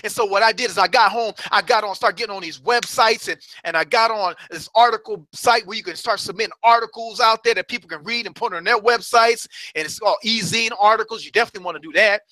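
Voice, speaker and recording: A man's voice: sits high, fast, few pauses, pushed and bright, no echo. A man giving a motivational talk, telling stories and repeating words for emphasis. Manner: storytelling, acts out quoted voices. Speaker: motivational speaker.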